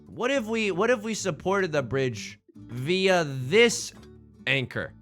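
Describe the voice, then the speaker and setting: A man streaming a building game live, thinking aloud in an excitable, joking way and swearing at his own designs. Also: high voice, slow, faint music behind. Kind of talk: live gameplay commentary.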